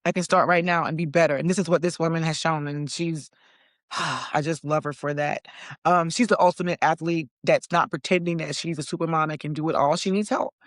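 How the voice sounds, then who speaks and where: A woman's voice: deep voice, fairly even intonation, a little fast, no room sound, studio quality. A woman in her forties hosting a talk show, chatting with sass and calling her listeners "honey". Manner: sassy, chatty, says "honey" and "okay". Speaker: podcast host. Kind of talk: casual opinion commentary.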